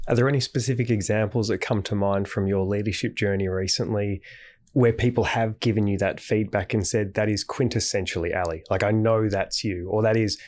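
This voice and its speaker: Male interview host, low voice, thoughtful probing questions. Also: fairly even intonation, a little fast, a little mellow. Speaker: podcast host.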